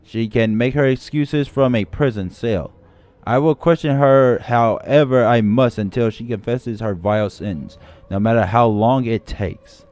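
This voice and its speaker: A man's voice: medium pitch, measured pace, a little mellow, no room sound, lightly acted. A man voicing a stern, zealous male judge who hunts witches, cold and commanding, as he reads a game story aloud on a livestream.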